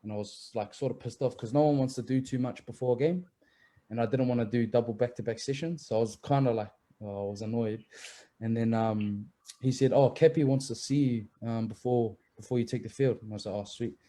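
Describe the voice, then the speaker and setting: A man's voice: mid-range voice, steady tone, brisk, mellow. A young man, a rugby league player telling stories in a casual chat, laid-back and swearing freely.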